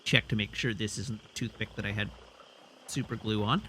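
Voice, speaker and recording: A man's voice: fairly low pitch, fairly even intonation, a little fast, sharp tone, a little hiss or hum. A man streamer giving casual gameplay commentary with wry, self-amused asides. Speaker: let's play streamer.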